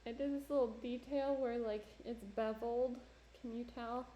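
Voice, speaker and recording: A woman's voice: on the high side, fairly even intonation, moderate pace, dark tone, muffled recording, slight background noise. A woman from New Jersey streaming while she works on pottery, chatty and self-deprecating, laughing often. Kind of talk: casual livestream chat while working. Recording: roomy echo.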